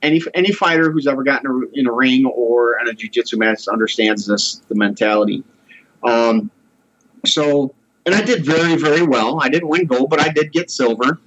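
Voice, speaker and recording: A man's voice: mid-range voice, normal speed, a bit bright, dull audio. A man in his forties earnestly telling a personal story in a casual conversation. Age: 40s. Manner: earnest, heartfelt.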